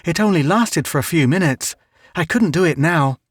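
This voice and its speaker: A man's voice: a little high, expressive, moderate pace, slightly rough, no echo. A man voicing an earnest, clever young boy in a storybook reading, his voice lifted somewhat above his own.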